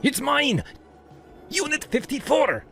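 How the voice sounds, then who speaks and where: A man's voice: very high-pitched, big pitch swings, slow pace, a bit bright, faint music behind, voice pushed up, heavily acted. A man voicing a furious middle-aged stranger with an Eastern European accent and broken English, bellowing. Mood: ranting. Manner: bellowing, ranting.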